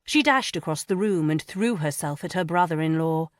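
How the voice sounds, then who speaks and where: A woman narrates a mystery novel in a calm, composed reading voice. Her voice sits on the low side and is recorded close and dry. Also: normal speed, no room sound. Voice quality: even, composed. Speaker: audiobook narrator. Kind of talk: scripted narration.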